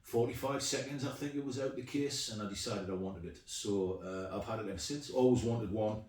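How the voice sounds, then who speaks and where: Middle-aged guy rambling about his guitars, lots of ums, kinda low, sounds far from the mic. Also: fairly quick, darkish tone. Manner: chatty, rambling, many ums and uhs. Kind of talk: casual show-and-tell. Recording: echoey room, mic at a distance.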